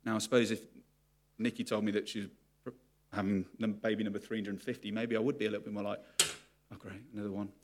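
A man's voice: fairly low pitch, flat delivery, fast talker, darkish tone. A man preaching a sermon to his congregation, candid and confessional about his own struggles. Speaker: pastor.

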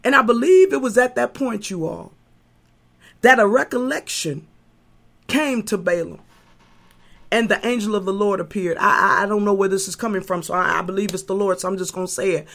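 A woman preaching a sermon, moving from hushed talk to shouting, repeating herself and stumbling over fillers. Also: mid-range voice, brisk, creaky. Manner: impassioned, swings from hushed to shouting.

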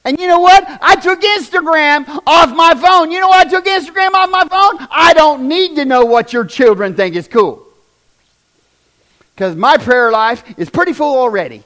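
A pastor preaches a fiery revival sermon to his church. His voice sits high for a man. He swings from shouted lines down to hushed, near-whispered ones. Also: normal speed.

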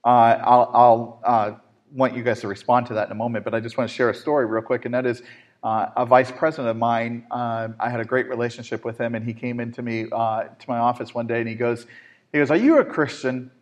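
Man host, faith talk show, animated storyteller, mid pitch, lots of fillers. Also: fast.

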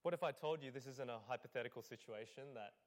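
A man's voice: mid-range voice, fast talker. A man, a lead pastor and a parent, preaching a conversational sermon in church with frequent fillers. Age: adult parent. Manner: conversational, with fillers; acts out scenes.

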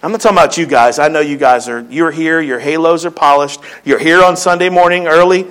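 A man's voice: fairly high pitch, a little fast, a bit bright, low-quality recording. A man preaching a sermon, telling stories in a joking, conversational way. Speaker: pastor.

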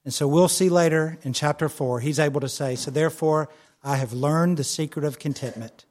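A man preaching a sermon in an earnest, conversational way, his voice sitting slightly high. He tells stories with easy fillers and restarts, and he turns softer and slower when he leads into prayer. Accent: not local to the church's area. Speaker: pastor.

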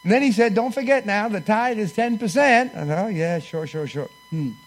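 A high-pitched man preaching in church. He tells a story from the pulpit and has the congregation repeat phrases back to him. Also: animated, normal speed. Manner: storytelling with call-and-response. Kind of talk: sermon.

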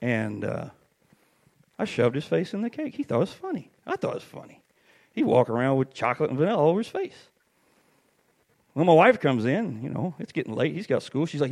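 A middle-aged man preaching a sermon, telling stories with animated swings up to shouted peaks. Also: fairly high pitch, brisk, gravelly, breathy edge.

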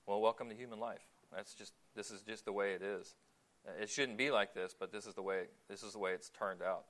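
A man preaching a sermon in a relaxed, conversational way, asking the listeners questions and pausing on fillers. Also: fairly low pitch.

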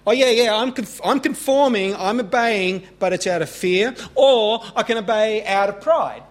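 Slow, earnest male preacher. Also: sits high. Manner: earnest, rising with emphasis, slow deliberate preaching. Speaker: pastor. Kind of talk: sermon.

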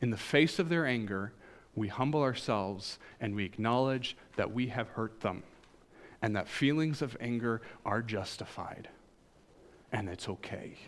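A male pastor preaching a sermon in a conversational storytelling way, with wry humor and a voice that swings between emphatic highs and soft, low asides. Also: animated, a little slow.

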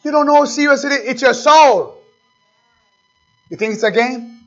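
A man preaching a sermon as pastor, swinging from shouted exhortation to hushed pleading. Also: very high-pitched, normal speed, faint music behind. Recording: dull lo-fi recording.

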